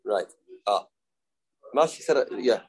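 A man's voice: mid-range voice, lively intonation, a little hiss or hum, low-quality recording. A man teaching a Talmud study class, explaining in English with Hebrew and Aramaic terms and acting out the speakers he quotes. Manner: halting, self-correcting delivery.

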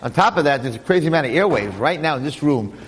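A man lecturing and telling a story with lively jokes and frequent restarts, speaking to listeners in a room. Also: fairly high pitch, fast talker, big-room sound. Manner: animated, repetitive restarts, joking. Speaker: Jewish lecturer.

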